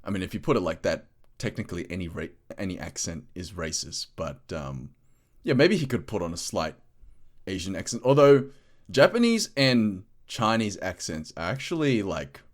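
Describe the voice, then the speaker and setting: A man with a fairly low voice chats loosely as a podcast co-host. He rambles and hedges, with "like" scattered through his sentences. The talk is relaxed and unscripted. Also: normal speed. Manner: rambling, full of "like" fillers. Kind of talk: casual podcast chat.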